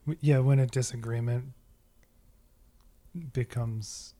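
Very deep-voiced woman, hesitant. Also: fairly even intonation, warm tone. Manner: hesitant, dry, halting restarts. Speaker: guest. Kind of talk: casual chat.

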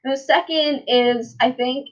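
A woman's voice: high voice, steady tone, a little slow. A young woman hosting a casual podcast, telling rambling stories full of fillers and restarts. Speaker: podcast host. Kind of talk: casual chat. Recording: dull lo-fi sound.

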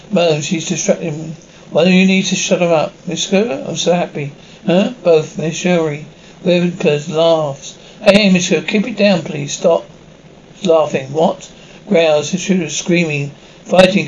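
A man reading subtitles and sound cues aloud in an even, unhurried way. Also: fairly high pitch. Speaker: reader of captions. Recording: dull lo-fi recording with faint hiss.

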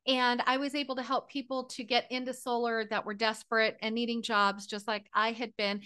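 Middle-aged woman, podcast guest; high, bright, animated, emotional storyteller. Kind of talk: personal storytelling interview.

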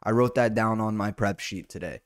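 A man hosting a solo comedy podcast in a rambling, profane monologue, now and then jumping into loud, high-pitched bits. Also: brisk.

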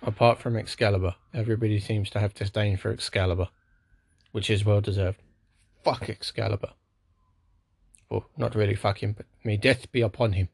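A man's voice: on the low side, fairly even intonation, moderate pace, vocal fry, a little mellow, husky, dry recording. A man giving a casual spoken recap of a wrestling show, with dry, sarcastic asides.

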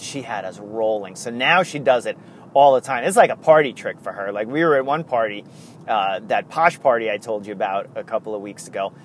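A middle-aged man, co-hosting a casual podcast and telling rambling stories in excited bursts. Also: fairly low pitch, a little hiss or hum. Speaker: podcast co-host. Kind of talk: casual chat.

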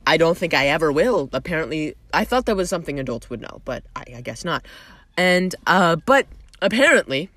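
A woman's voice: low voice, very animated, a bit bright, dry recording, pitched below the performer's own voice, full character voice. A woman doing a rambling stand-up comic in her thirties. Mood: deadpan. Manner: rambling, self-deprecating, halting. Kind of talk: mock stand-up routine.

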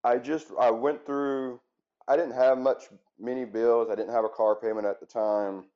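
This mid-range male voice keeps a level tone at a moderate pace, captured with lo-fi sound. The speaker, a thirty-something ex-firefighter turned business owner, recounts his experiences in an interview, sounding sincere and thoughtful while frequently starting over.

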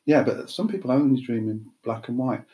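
A middle-aged woman co-hosting a casual chat podcast, playful and quick to laugh. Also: extremely low pitch, low-quality recording. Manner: giggly, playful, lively. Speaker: podcast co-host.

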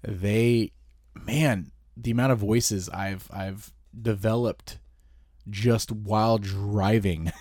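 A man's voice: lowish voice, fairly even intonation, a little mellow, no echo, studio quality. A man co-hosting a podcast who runs tabletop games, chatting in a playful way. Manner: playful, with quick agreeing interjections. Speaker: podcast co-host and game master. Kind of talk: casual chat.

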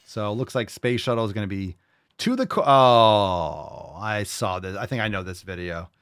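Male host, brash mocking reactor; animated delivery, dry studio sound. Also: lowish voice, moderate pace, smooth, dry recording. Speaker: podcast host. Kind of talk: reaction commentary.

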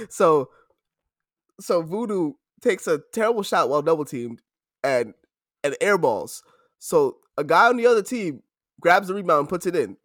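A young man chatting with a friend, his voice swinging up and down with lively energy as he tells stories. He sits at a somewhat high pitch for a man, and the recording is dry and close with no room sound. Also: a little slow, long pauses, no echo. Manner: animated storytelling with loud shouted impressions and frequent laughter. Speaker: podcast co-host. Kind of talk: casual chat.

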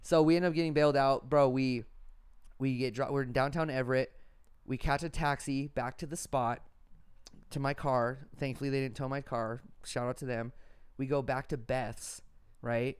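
A man's voice: medium pitch, fairly even intonation, moderate pace, clean tone. A man hosting a podcast, telling a story in casual, laid-back chat and swearing freely. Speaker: podcast host.

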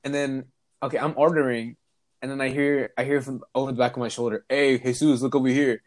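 A man's voice: mid-range voice, brisk, dry recording. A young man telling a funny story in a casual chat, acting out the voices of the people in it and laughing along. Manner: animated, laughs while telling stories, acts out voices.

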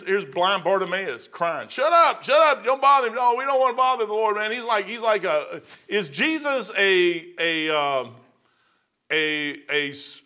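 A man in his fifties or older preaches in a loose, rambling, conversational way, stopping to hunt through his notes. His voice sits a little high and rings bright and forceful, and he slips into the people in his stories as he tells them. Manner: acts out the people in the stories with quick changes of voice. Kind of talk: informal sermon.

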